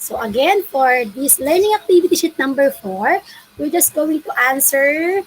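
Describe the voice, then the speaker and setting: A woman's voice: high voice, animated, moderate pace, a little hiss or hum, rough recording. A woman teacher from the Philippines with a Filipino accent, leading an online English class and encouraging her pupils as she switches between Tagalog and English. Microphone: video call.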